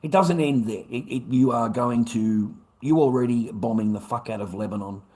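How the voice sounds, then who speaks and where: A man's voice: mid-range voice, normal speed, warm tone. A man with an Australian accent, ranting angrily and profanely at an unseen opponent on his livestream. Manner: angry, profane, lecturing.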